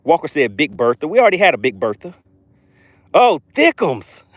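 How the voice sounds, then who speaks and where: Hyped fishing guy streaming from a boat, high voice, jumps all over the place. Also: normal speed, no echo. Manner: excitable and playful, reads chat aloud. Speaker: fishing channel host. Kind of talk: live-stream fishing commentary. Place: outdoors on a boat on a lake.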